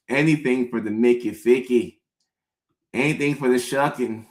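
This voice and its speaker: A man's voice: mid-range voice, normal speed, a little mellow. A young man, a comedian host, riffing casually with viewers and slipping into mock-pleading voices for his bits. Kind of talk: casual comedic riff to chat. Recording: echoey room.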